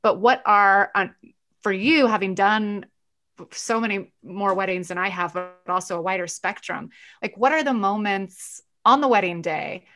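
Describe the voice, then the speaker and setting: A woman co-host with a bright, sharp voice, asking musing questions. She talks in a loose, curious way and circles around the point before landing it. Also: mid-range voice, moderate pace. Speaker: co-host, wedding planner. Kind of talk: casual interview chat.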